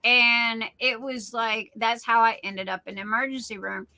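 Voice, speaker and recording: A middle-aged woman chatting casually as a guest, with a bright, fairly high voice. She rambles through her stories and stumbles over repeated words. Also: fairly even intonation, moderate pace, creaky, poor audio. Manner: chatty storyteller, repeats words and restarts often. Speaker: guest on a live chat stream. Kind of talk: casual chat.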